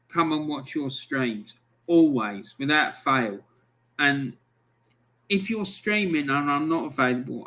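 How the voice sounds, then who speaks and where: Slow, bright-voiced man chatting on stream. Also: medium pitch. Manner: blunt, swears freely, rambling anecdotes; reads out and answers viewer comments. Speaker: football livestream host. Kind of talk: casual livestream chat.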